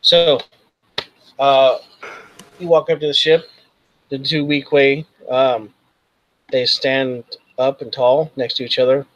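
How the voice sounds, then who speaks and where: A man's voice: medium pitch, flat delivery, takes it slowly, long pauses, fairly bright tone, dry recording, lo-fi sound. A man narrating as game master, loosely and with many fillers. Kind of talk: narrating a tabletop role-playing game.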